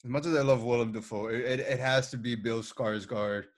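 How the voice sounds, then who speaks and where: A man's voice: medium pitch, steady tone, brisk. Stammering, playful male podcast co-host. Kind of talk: casual chat.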